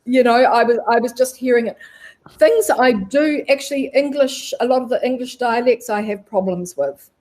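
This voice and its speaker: A woman's voice: a little high, moderate pace. Chatty New woman guest. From New Zealand. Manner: chatty, rambling, warm. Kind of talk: casual interview chat.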